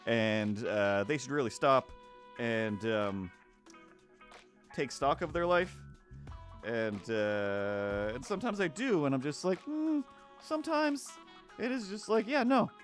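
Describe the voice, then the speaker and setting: A man's voice: mid-range voice, expressive, normal speed, soft background music. Rambling Canadian man streaming. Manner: rambling, self-mocking, lots of fillers and restarts. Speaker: streamer and cartoonist. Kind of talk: casual live-stream chat while drawing.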